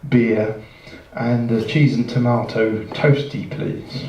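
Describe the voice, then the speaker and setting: A man's voice: medium pitch, fairly even intonation, takes it slowly, vocal fry, darkish tone, a little hiss or hum. A man voicing a nervous, polite giant male rabbit who stammers through his orders, in a live comedy bit recorded from a distance in a roomy jazz club. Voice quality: hesitant, stammering requests.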